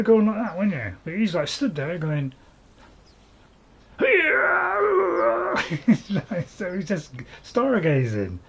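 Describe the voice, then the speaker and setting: A gaming channel host does let's-play commentary, talking to himself in a rambling, chatty way with frequent chuckles. His voice sits on the high side, with a darkish tone and a breathy edge.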